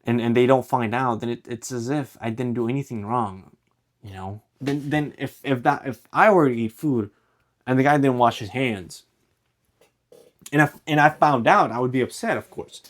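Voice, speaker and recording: A young man thinks out loud to his camera at a middle pitch. He rambles and restarts often. He drops casual slang and swears freely. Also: moderate pace. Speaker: vlogger. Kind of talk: rambling philosophical monologue to camera.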